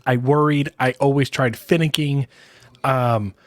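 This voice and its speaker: A male podcast co-host talking candidly and reflectively, with plenty of ums. His voice is mid-pitched and sounds dry, with no room echo. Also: steady tone, measured pace. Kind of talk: casual podcast chat.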